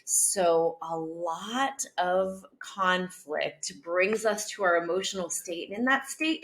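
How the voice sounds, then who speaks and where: Woman, parenting educator, lower voice, earnest, coaching, rhetorical questions. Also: a bit bright. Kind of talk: parenting workshop talk. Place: community center video.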